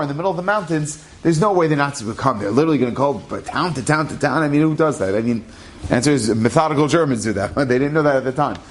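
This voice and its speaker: A man, a rabbi, telling an inspirational story in an animated, casual way, acting out the dialogue. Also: on the high side.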